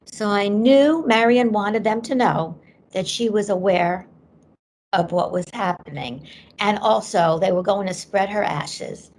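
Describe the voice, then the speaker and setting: Brief: middle-aged woman, medium-pitched and gravelly, an animated podcast guest telling a story. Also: measured pace. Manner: animated storyteller who acts out quoted voices.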